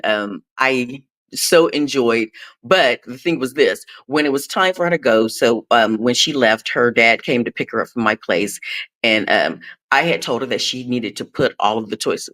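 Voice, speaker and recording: An older woman chatting casually in a live stream, telling a rambling story full of digressions and acted-out quotes. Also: a bit bright. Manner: rambling, digressive, acts out quotes with rising pitch. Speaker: traveling pet sitter, guest.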